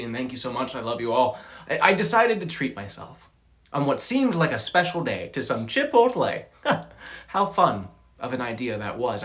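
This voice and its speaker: A man content creator talking in an animated, self-mocking casual vlog. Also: medium pitch.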